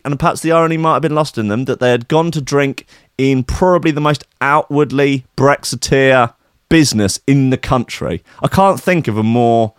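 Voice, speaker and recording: Sarcastic radio host. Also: male voice, mid-range voice, dry recording, clean studio sound. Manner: sarcastic, chatty, laughs often. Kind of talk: casual chat show.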